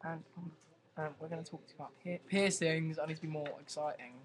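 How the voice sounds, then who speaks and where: A young man chatting in a casual vlog, his delivery flat and plain while friends tease him. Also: fairly high pitch, fast, heavy background noise. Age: young adult. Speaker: vlogger. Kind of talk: casual group vlog chat. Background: friends chattering and laughing.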